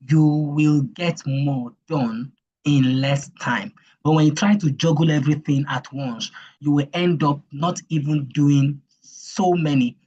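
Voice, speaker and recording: A husky, slightly breathy coach leads a live-streamed lesson, repeating the key points slowly and chatting with the comment section. The audio comes through dull and lo-fi, like a modest stream mic. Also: medium pitch, a little mellow. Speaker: coach teaching a class.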